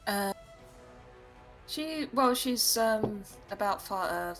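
A woman describing her character in a casual tabletop game, easygoing and quick to giggle. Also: medium pitch, animated, a bit bright, soft background music. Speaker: player.

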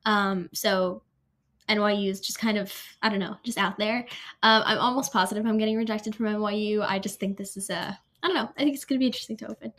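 A woman's voice: mid-range voice, fast talker, fairly bright tone. A young woman in her late teens vlogging in a casual, chatty way, filling her talk with ums as she walks through each step. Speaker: vlogger opening college decisions. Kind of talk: casual chat to camera.

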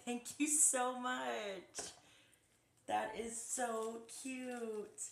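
A woman chatting casually to her phone camera as she opens fan mail, gushing and exclaiming over each gift. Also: medium pitch. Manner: gushing, excitable, lots of exclamations. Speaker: vlogger opening fan mail. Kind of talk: casual unboxing chat to camera. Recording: echoey room.

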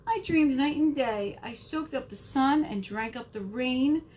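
A woman voicing a tiny, hopeful young male green pea in a picture book read-aloud, with a squeaky, earnest manner. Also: measured pace, darkish tone, a little hiss or hum. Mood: sad.

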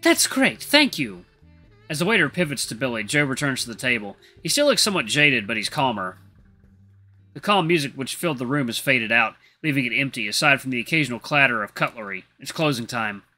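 A man narrating a solo tabletop game, animated and chatty in his asides to viewers. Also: mid-range voice, fast talker, soft background music.

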